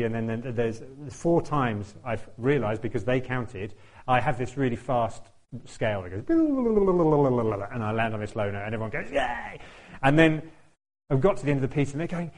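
A man telling a lively anecdote, laughing often and acting out what other people said. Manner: animated, laughs often, acts out quotes in a higher voice. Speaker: tuba player telling a story. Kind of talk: anecdotal storytelling.

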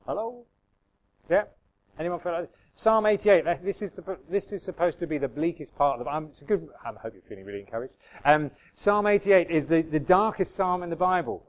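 A man's voice: fairly high pitch, animated, brisk, rough recording. A man preaching a sermon in a conversational way, reading scripture aloud and musing with restarts and asides to the congregation.

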